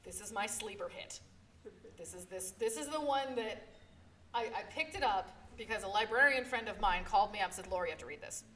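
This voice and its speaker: A woman's voice: mid-range voice, a little fast, fairly bright tone. A woman librarian presenting a live convention panel, telling stories with emphatic energy and frequent "okay?" check-ins. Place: convention panel room, live before an audience. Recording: distant mic, faint room noise.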